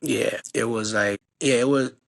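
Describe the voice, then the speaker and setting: A middle-aged man from Haiti, a podcast guest telling animated, slangy stories about growing up. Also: medium pitch, a little slow, creaky. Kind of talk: casual storytelling conversation.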